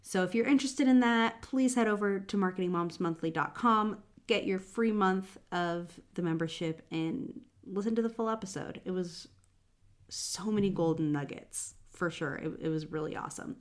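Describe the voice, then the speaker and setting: A woman's voice: medium pitch, moderate pace. Woman podcast host wrapping up. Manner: upbeat, promotional. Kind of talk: podcast outro promotion.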